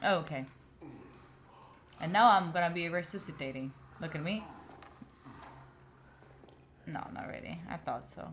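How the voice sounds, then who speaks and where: A woman's voice: on the low side, unhurried, long pauses, a bit bright, a little hiss or hum. A young woman with an Italian accent, a native Italian speaker, chatting casually through a game stream and talking to the characters on screen. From Italy. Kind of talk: casual gaming stream commentary.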